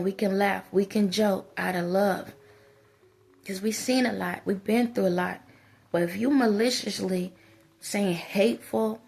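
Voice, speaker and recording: A woman with a gravelly, husky voice lectures her viewers like a spiritual advisor. She scolds them and drives each point home through repetition. Faint music plays underneath. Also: medium pitch, darkish tone. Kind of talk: preachy monologue to viewers.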